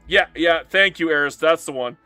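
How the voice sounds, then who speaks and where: A man's voice: fairly high pitch, moderate pace, bright, forceful tone, no echo, faint music behind. A man live-streaming a strategy game and bantering playfully with his chat as he reads their messages aloud.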